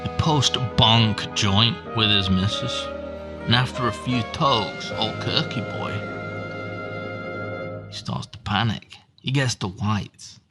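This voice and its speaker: A man's voice: fairly low pitch, slow, music in the background. A man giving profane, sardonic reaction commentary as a YouTube host.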